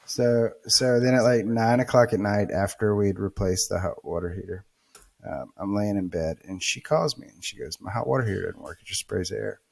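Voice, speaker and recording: A man with a fairly low voice spins a casual story as a podcast guest. He swears freely and acts out other people's lines. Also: normal speed, creaky, husky. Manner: animated, swearing, acts out quotes. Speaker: podcast guest, real estate investor.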